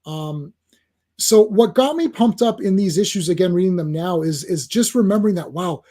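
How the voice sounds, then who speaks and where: An excitable guy with a fairly high voice hosts a casual comic review, bouncing from page to page. he rambles and restarts his sentences, piling on fillers as he gets worked up. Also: normal speed. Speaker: comic book reviewer host.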